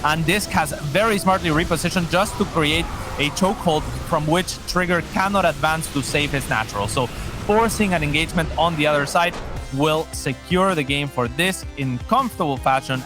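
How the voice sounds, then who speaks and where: A man commentating an esports match, explaining the play in a steady analytical way. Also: on the high side, moderate pace, over music. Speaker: esports caster.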